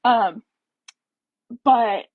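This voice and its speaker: A woman's voice: fairly high pitch, extremely slow, dry recording, narrow, tinny audio. Chatty woman hosting a book livestream. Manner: animated, chatty, reacts to viewer comments. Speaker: book club host. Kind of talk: casual livestream chat.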